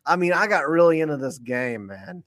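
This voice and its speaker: A man, co-hosting a podcast and rambling excitedly after a football win, full of restarts. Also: on the high side, normal speed. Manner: animated, rambling, lots of restarts. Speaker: podcast co-host. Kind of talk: excited postgame sports chat.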